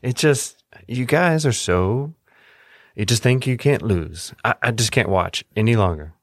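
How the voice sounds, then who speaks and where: A man's voice: mid-range voice, lively intonation, measured pace, dry recording, clean studio sound. A man voicing a weary, exasperated male adventurer who scolds his companion. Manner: fed-up and scolding.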